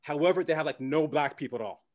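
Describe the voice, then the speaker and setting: A Canadian man performing a stand-up comedy set, animated and slipping into character voices. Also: on the high side, quick pace. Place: comedy club stage with audience.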